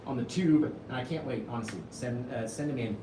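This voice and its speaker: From across an echoey painting studio, with background noise, a man in his forties speaks fairly quickly in a mid-range voice. He's the host of a live painting lesson, enthusiastically reading viewers' comments, joking around and gushing over them.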